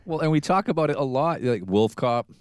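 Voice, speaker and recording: A man's voice: medium pitch, lively intonation, fairly quick, clear, resonant tone, dry recording, clean studio sound. A man co-hosting a podcast, joking and swearing casually while retelling movie scenes. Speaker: podcast co-host. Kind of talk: casual movie review chat.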